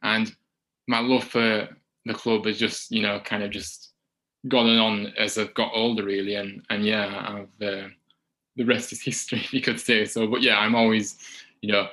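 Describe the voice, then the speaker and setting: A man's voice: lowish voice, level tone, moderate pace, pushed and bright, rough recording. A man with a Yorkshire accent, a guest answering questions in a casual podcast interview, often stumbling and repeating his words. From Huddersfield, England. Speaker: guest, supporters group founder.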